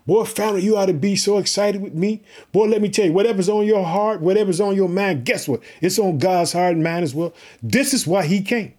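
A man preaching an online sermon, fired up and excited, calling listeners "family" and praising often. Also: sits high, a little fast. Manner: excited, repeats "family" and "hallelujah", Southern-style "y'all". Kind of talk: online sermon with prayer and Bible reading.

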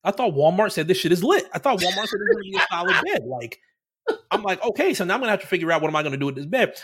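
Animated, swearing podcast co-host man. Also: sits high, racing, husky. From Florida. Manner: animated, swearing, acts out his own reactions. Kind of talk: casual storytelling chat.

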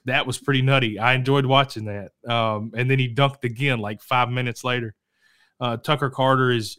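A man hosting a local high school sports show, talking casually and rambling, correcting himself and coughing now and then. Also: a bit bright, clean tone. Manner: rambling, self-correcting, chatty. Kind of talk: casual sports talk to camera.

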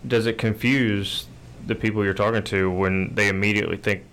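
A man hosting an interview, asking relaxed, thoughtful follow-up questions. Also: lowish voice, normal speed, clear, resonant tone. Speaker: host.

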